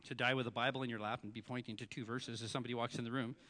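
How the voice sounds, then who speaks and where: A male pastor preaching a sermon, telling stories and swinging between soft and loud delivery, sometimes breaking into song. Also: mid-range voice, little pitch movement, racing. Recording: long hall reverb.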